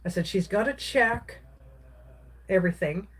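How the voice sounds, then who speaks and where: A woman's voice: mid-range voice, unhurried, husky. A woman, a craft vlogger, casually recounting a personal story in a rambling way, with many restarts and filler words.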